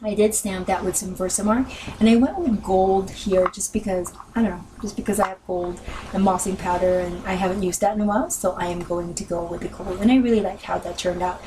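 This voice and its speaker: A woman's voice: medium pitch, fairly even intonation, fairly quick, distant mic, noisy background. A woman narrating a crafting video in a casual voice-over, rambling with many ums and self-corrections, her voice worn from talking. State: losing her voice.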